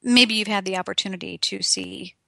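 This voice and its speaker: A young woman giving an animated, emphatic motivational talk and speaking directly to the listener. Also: medium pitch, a little fast, creaky, dry recording, clean studio sound.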